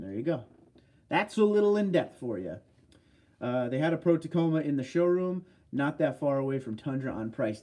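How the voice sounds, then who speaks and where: Friendly man reading out chat comments. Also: on the high side. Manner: chatty, friendly, shouts out viewers by name. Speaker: livestream host. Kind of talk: casual livestream chat reading viewer comments.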